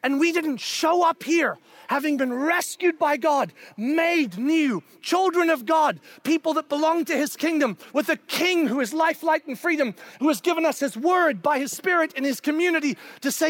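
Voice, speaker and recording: A male pastor preaching a conversational sermon, asking the congregation questions and swinging between loud emphasis and hushed near-whispers. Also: very high voice, animated, normal speed, dry recording.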